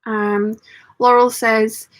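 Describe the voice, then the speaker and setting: A woman's voice: on the high side, flat delivery, very slow. A woman hosting a sewing live stream, reading viewer comments aloud and chatting back casually as she sews. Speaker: sewing channel host.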